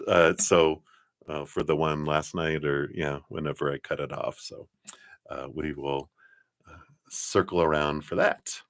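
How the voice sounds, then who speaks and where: Deep-voiced man reading tarot cards. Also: no echo, clean studio sound. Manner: rambling, warm spiritual talk with fillers and laughs. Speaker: tarot reader. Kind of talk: live-stream card reading.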